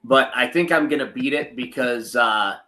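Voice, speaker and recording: A man's voice: mid-range voice, normal speed, sharp tone. A middle-aged man, co-hosting a casual chat show and rambling with frequent restarts. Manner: rambling, self-correcting, folksy. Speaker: podcast co-host.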